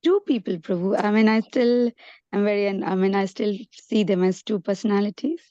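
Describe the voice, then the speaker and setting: A woman in the audience answering the speaker's questions in a hesitant, halting way. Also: medium pitch, steady tone, warm tone, no room sound, lo-fi sound. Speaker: audience member.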